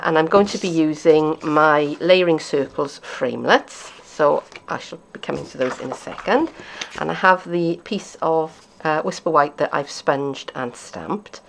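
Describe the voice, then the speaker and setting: Low, gravelly woman demonstrating crafts. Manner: chatty, thinking aloud while working. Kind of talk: card-making tutorial.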